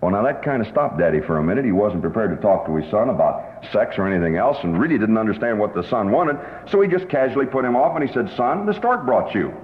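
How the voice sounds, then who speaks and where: A man's voice: fairly low pitch, expressive, fast, few pauses. Emphatic male sales lecturer in a hall. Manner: emphatic storyteller. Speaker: sales trainer. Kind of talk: sales seminar lecture with anecdotes. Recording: roomy hall, dull lo-fi tape.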